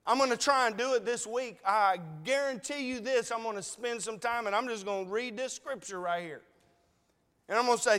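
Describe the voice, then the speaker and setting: Earnest preacher, a man with a very high voice, chatty, long hall echo. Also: animated, normal speed, a bit bright, clean tone. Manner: earnest, conversational, repeated rhetorical questions. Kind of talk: sermon. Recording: long reverb of a large hall.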